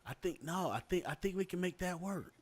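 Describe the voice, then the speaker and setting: A man's voice: sits high, expressive, a little fast. A young man hosting a casual podcast chat, talking loosely with lots of fillers and restarts. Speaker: podcast host.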